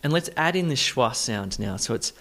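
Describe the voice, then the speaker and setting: A male English pronunciation teacher with a mid-range voice talks in an upbeat, encouraging way. He slows down to model words, repeating them and leaning on the stressed syllables. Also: medium pitch, animated, fairly bright tone. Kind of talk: pronunciation lesson.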